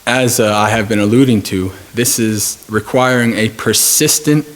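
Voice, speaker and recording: A man who is a Buddhist monk giving a dharma talk at a retreat. He talks in a calm, measured way and tells stories with frequent pauses and fillers. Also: on the low side.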